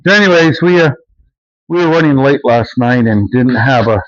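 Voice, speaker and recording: A man's voice: mid-range voice, expressive, moderate pace, no echo, muffled recording. A man filming a casual vlog outdoors on his homestead, talking in a loose, rambling way with plenty of fillers and restarts. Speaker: homesteading vlogger. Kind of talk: casual walk-and-talk vlog. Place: outdoors on a farm yard with animals.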